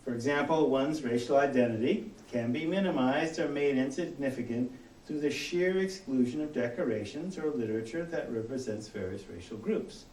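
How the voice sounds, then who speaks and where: A man's voice: medium pitch, moderate pace, darkish tone, slight background noise. Lecturing man, echoey distant classroom sound. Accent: General American. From Los Angeles area, US. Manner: conversational, with many "you know" fillers and quoted dialogue. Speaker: college instructor. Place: lecture room.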